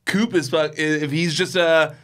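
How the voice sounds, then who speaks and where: A man's voice: fairly high pitch, steady tone, a little slow, a bit bright. A man co-hosting a podcast in casual chat, chatty and inquisitive, laughing easily. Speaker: podcast co-host.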